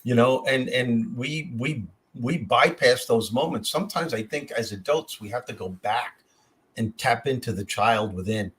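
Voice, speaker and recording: An older man hosts a podcast, sharing heartfelt personal stories in casual chat and often repeating his words along the way. His mid-range voice is husky with a fairly bright tone, at normal speed.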